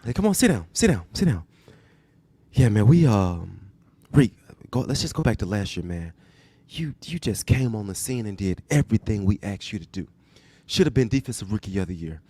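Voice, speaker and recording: An earnest older football head coach reassures his players in a measured, fatherly way, as a man impersonates him, his voice sitting low and dry. The delivery is sincere rather than showy. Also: big pitch swings, dark tone, slightly rough, dry recording, heavily acted. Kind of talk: impression in a podcast bit.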